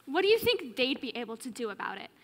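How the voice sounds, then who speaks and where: A woman's voice: high-pitched, very animated, quick pace, long reverb tail. A teenage girl playing an anxious, sensible orphan girl on a church stage. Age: teens. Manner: anxious and resigned. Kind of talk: live stage acting.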